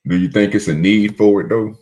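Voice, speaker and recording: A man's voice: on the low side, steady tone, a little fast, mellow. A man guest on a casual panel chat, laid-back and questioning. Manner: laid-back, questioning, says "bro" often.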